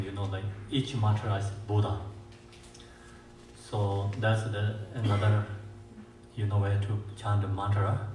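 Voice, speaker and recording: A man with as his language gives a dharma teaching as a Buddhist teacher. He talks haltingly, with many fillers and restarts, and slows down to chant mantras. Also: lowish voice. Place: meditation centre hall. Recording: echoey room, mic far off, faint hiss.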